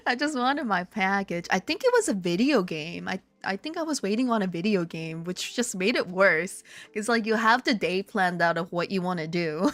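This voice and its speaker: A streamer living in Korea chats casually with her viewers and reads their comments at a normal pace. She tells animated stories, swears, laughs, and jumps into high, excited exclamations. The recording is dry.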